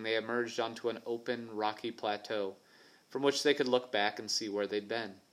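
A man narrating an adventure novel for an audiobook in a steady, even storytelling manner. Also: mid-range voice. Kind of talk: scripted narration.

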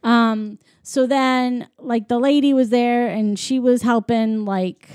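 A woman's voice: a little high, fairly even intonation, slow pace, a little mellow, smooth, no room sound, clean studio sound. A woman co-hosting a podcast, casually recapping a movie plot in a rambling way with many fillers. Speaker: podcast co-host.

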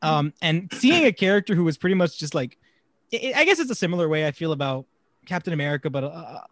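A man's voice: fairly high pitch, animated, quick pace, a bit bright, no room sound, clean studio sound. A man hosting a casual podcast about films, rambling and stumbling over his words and laughing often. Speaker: podcast host.

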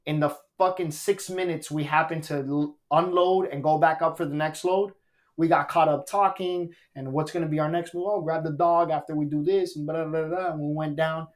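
A man's voice: fairly high pitch, moderate pace. A man, a stand-up comedian, telling a story on a podcast in a casual, profane way and acting out quotes. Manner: animated, profane, acts out quotes.

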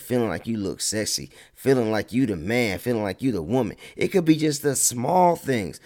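A man giving a casual motivational talk, animated, stretching words for emphasis and mocking his critics. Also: on the low side.

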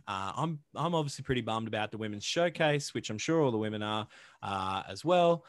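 A man's voice: medium pitch, fairly quick. Chatty man rattling off stats. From Australia. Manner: animated, joking, rattles off stats with lots of fillers. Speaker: podcast co-host. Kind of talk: casual sports podcast chat.

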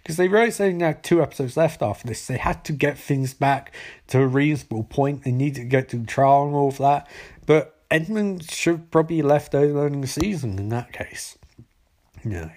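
Chatty man with a higher voice. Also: moderate pace, darkish tone. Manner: chatty, loose, with frequent restarts. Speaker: TV reviewer. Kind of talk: casual episode recap.

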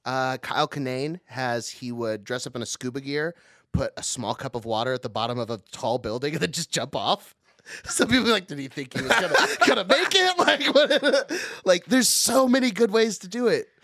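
A young man co-hosting a podcast, chatting loosely and laughing often through dark banter in a small studio. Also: medium pitch, normal speed, no room sound. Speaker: podcast co-host. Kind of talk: casual chat.

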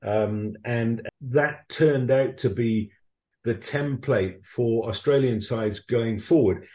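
A man's voice: medium pitch, slow pace, darkish tone, echoey room. A man, a rugby correspondent, answering interview questions in a reflective, anecdotal way, with many ums and restarts.

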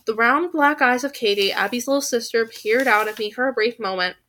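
Woman reading a novel aloud, expressive, little stumbles and restarts, high voice. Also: fairly quick. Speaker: reader.

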